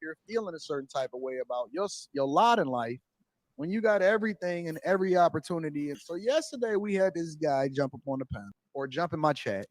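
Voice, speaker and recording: A man's voice: fairly high pitch, expressive, quick pace, no room sound. A man in a played clip from another stream, lecturing his viewers in a preachy, scolding way. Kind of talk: lecturing commentary.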